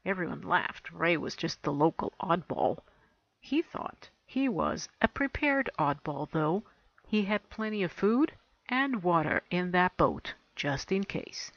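A woman's voice: fairly low pitch, animated, measured pace, creaky, no room sound. A woman blogger reading her short story aloud. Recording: dull lo-fi recording.

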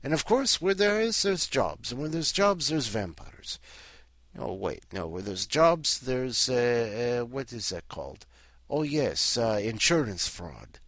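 A man's voice: medium pitch, sing-song, slow, fairly bright tone, no room sound, studio quality. A man hosting as a rambling Count Dracula. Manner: rambling, jokey, full of fillers. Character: Count Dracula, male vampire host, rambling and punning. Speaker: host. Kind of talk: comic character hosting.

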